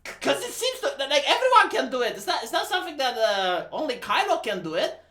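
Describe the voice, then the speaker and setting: A man's voice: extremely high pitch, very animated, fast, pushed and bright. A man from Romania hosting a livestream, ranting casually about a movie in an incredulous, profane manner. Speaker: livestream host. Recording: roomy echo.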